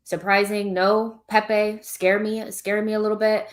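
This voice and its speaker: A woman co-hosting a casual livestream chat, opinionated and quick to laugh. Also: medium pitch, flat delivery.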